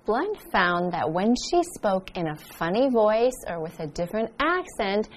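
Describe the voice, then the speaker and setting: A woman's voice: mid-range voice, sing-song, a little slow, slight background noise. A woman with a North American accent, co-hosting an English lesson and explaining vocabulary with example sentences. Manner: patient, gives example sentences. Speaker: English teacher co-host.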